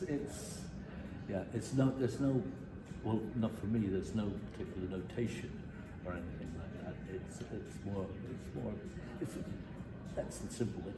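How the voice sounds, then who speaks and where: An older Englishman with an English accent answering interview questions in a hesitant, self-deprecating way, full of restarts. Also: sits low. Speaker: improvising vocalist interviewed. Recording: echoey room with loud ambient noise.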